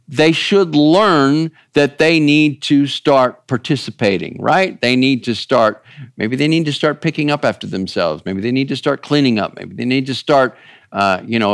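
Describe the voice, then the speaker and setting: A man's voice: on the high side, dry recording, clean studio sound. A man preaching a conversational sermon, folksy and rambling, often turning to ask the listeners if they follow. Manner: folksy, rambling, asks the audience. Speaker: pastor.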